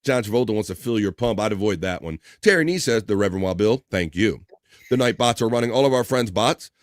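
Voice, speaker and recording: A man's voice: on the low side, animated, fast talker, no room sound. Dry, rambling male stream host. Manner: loose, rambling, swears casually. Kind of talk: casual live-stream chat reading viewer comments.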